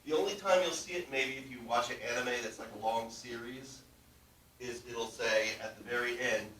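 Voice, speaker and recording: A man's voice: mid-range voice, normal speed, a bit bright. Man teaching in an echoey classroom. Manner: explanatory, checks understanding often. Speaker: language teacher. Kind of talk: classroom lesson. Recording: roomy, distant, faint background noise.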